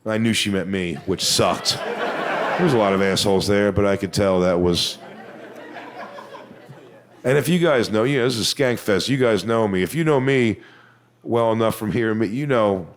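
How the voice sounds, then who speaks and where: A man doing a stand-up set, telling a crude story in a deadpan way and mocking other people with put-on voices. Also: lowish voice, moderate pace, pauses often, crowd noise. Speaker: stand-up comedian.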